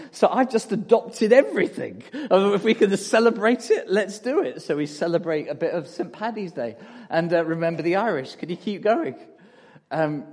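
A middle-aged man giving a relaxed, chatty talk in a church hall, full of fillers and asides to the audience. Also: a little high. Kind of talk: conversational sermon with slides. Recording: long hall reverb.

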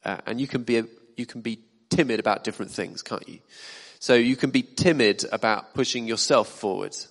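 A man's voice: medium pitch, fairly quick. A man preaching a sermon in a church hall, talking conversationally and asking the congregation questions. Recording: long reverb of a hall.

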